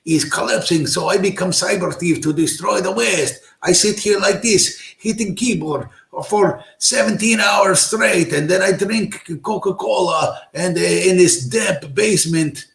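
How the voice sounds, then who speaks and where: A man's voice: sits high, measured pace, gravelly, few pauses, a bit bright, roomy sound, pitched above the performer's own voice, heavily acted. A man mocking an angry Eastern European hacker. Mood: mock-grumbling. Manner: mock Eastern European accent, broken English.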